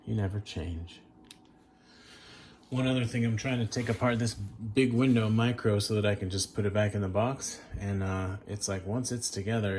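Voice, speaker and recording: A man's voice: fairly low pitch, darkish tone, slight background noise. A man hosting a casual unboxing vlog at home, talking in a wry, self-deprecating way as he thinks aloud. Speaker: collector and channel host.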